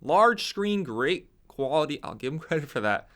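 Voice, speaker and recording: A young man giving an opinionated sports talk monologue, animated and ranting, his voice leaping up when he mocks others. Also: mid-range voice, normal speed. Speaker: sports commentator.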